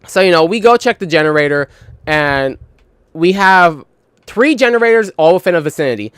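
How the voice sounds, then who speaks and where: A man's voice: a little high, lively intonation, normal speed, fairly bright tone, clean tone, dry recording, studio quality. A young man telling work stories in a casual, profane, rambling monologue full of fillers and retold dialogue. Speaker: gaming channel host.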